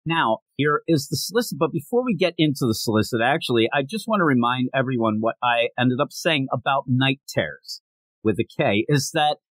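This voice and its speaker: There's no echo on this medium-pitched, expressive man, who talks a little fast with a fairly bright tone. As host of a comic book show and podcast, he keeps the commentary loose and jokey, drifting into side chatter and tangents.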